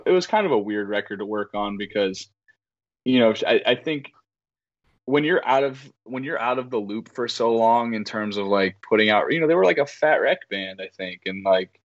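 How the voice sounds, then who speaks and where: A man's voice: lowish voice, lo-fi sound. A man, a podcast guest, chatting casually and telling stories with lots of profanity and fillers. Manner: animated storytelling, frequent profanity and fillers. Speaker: record label owner guest.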